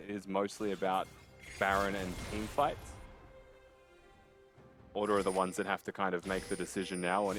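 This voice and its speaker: Low-voiced male analyst commentator. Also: a bit bright. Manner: thoughtful, laughs easily. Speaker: esports color commentator.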